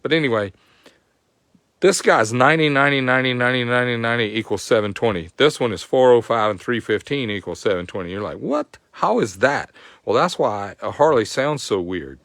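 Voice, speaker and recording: A man's voice: medium pitch, a little fast, fairly bright tone, no echo, clean studio sound. A man with a Southern accent hosting a live-streamed technical lesson, explaining step by step in a folksy way and greeting viewers by name. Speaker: host.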